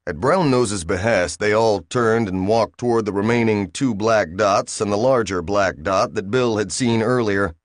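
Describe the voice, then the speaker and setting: A man narrating an audiobook in even, measured storytelling. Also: lowish voice, dry recording, studio quality. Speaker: audiobook reader. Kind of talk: scripted narration.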